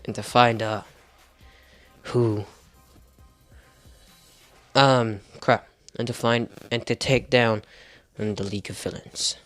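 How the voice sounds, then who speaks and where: A man's voice: on the low side, fairly even intonation, slow, long pauses, a bit bright, no room sound. Young male fan storyteller, improvised and rambling, faint music behind. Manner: rambling, with restarts and laughs.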